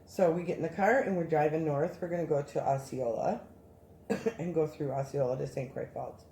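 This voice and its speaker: A woman casually telling a story as a guest, animated and rambling with many restarts. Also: low-pitched, normal speed, echoey room, slight background noise.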